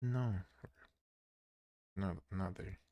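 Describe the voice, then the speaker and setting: A man live-streaming while he works on a 3D model, exasperated, swearing and talking back to the software. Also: deep voice, extremely slow, dry recording, muffled recording.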